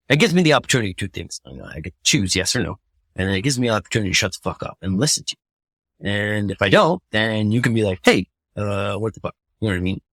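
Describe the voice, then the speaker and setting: A man, a firefighter, chats casually on a podcast, swearing easily and often checking in with "you know what I mean". His voice sits low. The sound is dry and close, with no room echo. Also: fairly bright tone.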